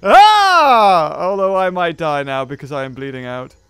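A man giving excitable let's play commentary, laughing, yelping and muttering to himself as he plays. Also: mid-range voice, a little fast, clear, resonant tone, no room sound. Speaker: gameplay commentator.

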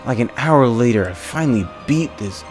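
A man's voice: medium pitch, animated, moderate pace, over music. A man giving casual let's-play commentary, exasperated and ranting to himself as he plays. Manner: casual slangy talk. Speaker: gaming channel host.

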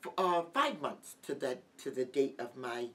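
A middle-aged woman giving a heartfelt personal testimony as an interview guest, halting and full of restarts. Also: extremely low pitch, very animated, a bit bright. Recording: distant mic with light background noise.

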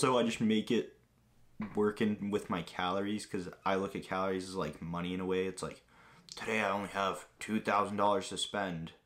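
A young man from Greece chatting casually to viewers, rambling through a story with lots of fillers. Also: on the low side. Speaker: vlogger answering viewer questions. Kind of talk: casual chat.

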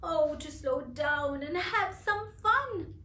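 A woman playing a wistful storybook horse who longs for something new, in a high, bright, lively voice. She speaks very slowly, and the room is echoey. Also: recorded from a distance, exaggerated voice. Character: wistful male rocking horse, longing for change.

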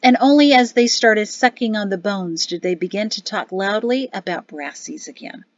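A woman's voice: medium pitch, normal speed, no room sound. Woman narrating an audiobook, dry sound. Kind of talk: scripted narration. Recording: slightly dull dry studio recording.

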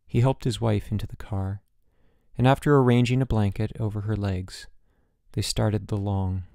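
Gravelly low-voiced man narrating an audiobook. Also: steady tone, normal speed, dark tone, no room sound, clean studio sound.

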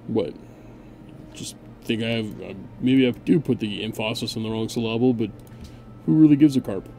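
A man's voice: mid-range voice, moderate pace, dark tone, a little hiss or hum. A man hosting a gameplay video, chatting casually and barking mock-grand orders at his units with a sarcastic edge.

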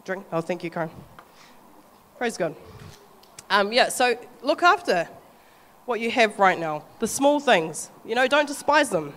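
A woman with a New Zealand accent preaching a sermon, animated and often acting out quoted voices with light laughter. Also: mid-range voice, a little slow, long pauses, long reverb tail.

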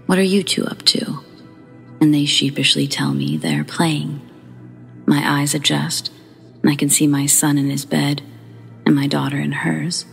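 A woman narrating true scary stories as the show's host, dropping into a hushed whisper at tense moments. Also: deep voice, gravelly. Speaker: horror story narrator. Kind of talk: scripted narration.

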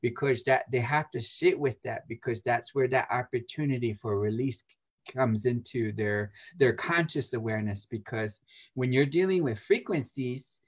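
A man talking in an easy, conversational way as a guest in an interview. His delivery is animated, with frequent laughter, and he acts out other people's voices when he quotes them. His pitch sits in the middle range. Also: normal speed, breathy edge. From United States. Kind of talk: casual spiritual talk.

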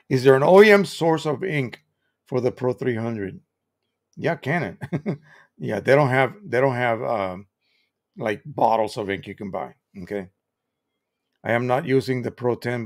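An American man hosting a live stream, explaining printing in a chatty, casual way with examples and restarts. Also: medium pitch.

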